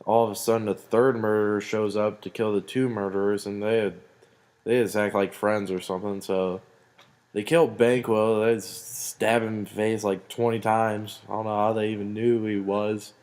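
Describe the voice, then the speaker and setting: A man's voice: fairly low pitch, level tone, normal speed, a little mellow. A young man rambling through a comic retelling of a play for school, slangy with dry asides. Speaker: student presenter.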